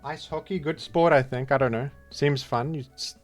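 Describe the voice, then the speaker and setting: A man's voice: medium pitch, moderate pace, soft background music. Rambling, jokey man doing game commentary. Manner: rambling, jokey, mock-outraged asides. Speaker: gaming video host. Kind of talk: casual gameplay commentary.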